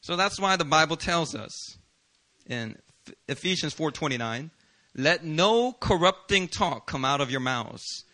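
A male pastor from Philadelphia preaching a sermon in an animated, self-deprecating way, often laughing. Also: on the high side.

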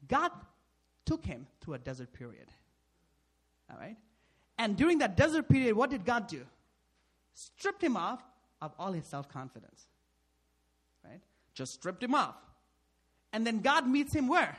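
A male pastor preaching with a husky, breathy edge to a fairly high voice. He asks rhetorical questions, checks in with "right?", and swings between loud emphasis and near-quiet asides. His pitch moves a lot from phrase to phrase. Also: very animated, moderate pace, pauses often. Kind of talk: sermon.

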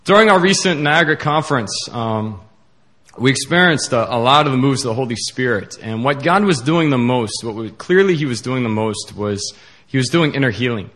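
A man preaching a sermon in an earnest, halting way, with many fillers. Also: medium pitch, lively intonation, a bit bright.

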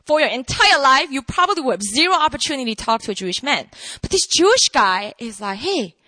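A woman preaching a casual, conversational sermon, animated and full of asides to the congregation. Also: sits high, fast talker, no echo.

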